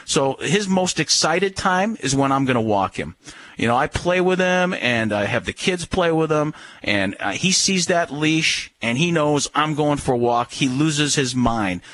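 Man, firm and instructive, bright tense tone, dry close mic, casual radio chat. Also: a little high, animated, a little slow, dry recording. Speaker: radio guest giving dog advice.

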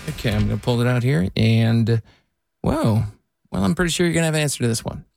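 A playful male radio host runs a question segment and teases his co-host. His pitch swings widely, and a faint music bed sits under his voice. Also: animated, fast, gravelly, darkish tone, no room sound, clean studio sound. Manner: playful, teasing reactions. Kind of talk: casual radio chat.

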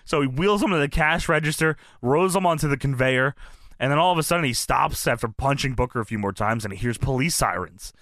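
A man co-hosting a podcast, retelling events in an animated, profane way and laughing often. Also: medium pitch, fairly quick, no echo, clean studio sound. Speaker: podcast co-host. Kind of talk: casual chat recapping wrestling.

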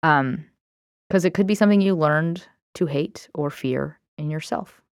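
Low-voiced candid woman, smooth and dry. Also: a little slow, no echo. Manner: candid, conversational, lots of filler words. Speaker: self-help speaker. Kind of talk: casual advice talk.

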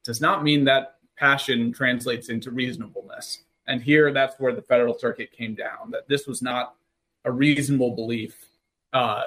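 A man co-hosting a podcast, explaining legal points in a measured, conversational way. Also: mid-range voice, fairly even intonation, a bit bright. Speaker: podcast co-host. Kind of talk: casual legal discussion.

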